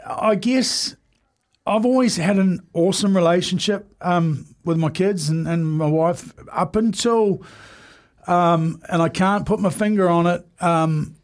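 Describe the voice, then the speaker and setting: A man in his forties talks candidly as a podcast guest, his voice sitting a touch high for a man. He speaks earnestly and haltingly, full of ums, restarts and trailing thoughts. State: emotional at times. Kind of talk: candid conversation.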